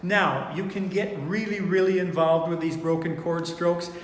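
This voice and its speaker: A man teaching four-string banjo in a relaxed, unhurried way, thinking aloud with fillers as he plays. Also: sits high, a little hiss or hum. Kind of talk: relaxed online music lesson. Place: indoor room, playing banjo while talking. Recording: echoey room with long reverb, banjo playing behind.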